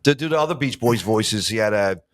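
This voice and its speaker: A man's voice: lowish voice, lively intonation, a little fast. A man co-hosting a comedy podcast, chatting loosely and rambling between thoughts. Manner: rambling, trailing off mid-thought. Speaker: podcast co-host. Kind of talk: casual comedic chat.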